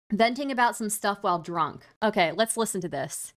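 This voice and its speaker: A young woman streaming, reacting to clips in casual commentary, sarcastic and exasperated, swearing freely. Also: mid-range voice.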